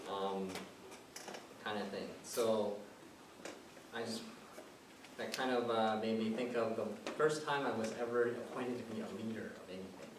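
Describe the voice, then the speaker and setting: A man's voice: fairly low pitch, moderate pace, long pauses. A man giving a chatty impromptu speech at a club meeting, telling a personal story. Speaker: club speaker. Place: meeting room. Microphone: distant room mic. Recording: echoey room, far off, noisy.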